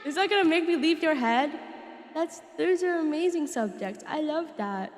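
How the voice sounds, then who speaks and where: Giggly young woman, high lively voice, slow playful chatter. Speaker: streamer. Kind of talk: casual live-stream chat.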